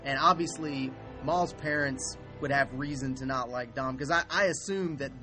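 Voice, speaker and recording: Man, podcast host, casual movie talk, hesitant restarts, mid pitch. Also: normal speed, sharp tone, faint music behind. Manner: rambling, hesitant, many restarts.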